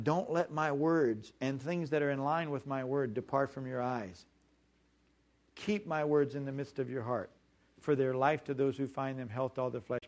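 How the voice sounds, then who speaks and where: A man's voice: mid-range voice, darkish tone. A man preaching a sermon, stressing and repeating key words and stretching out important phrases. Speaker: pastor.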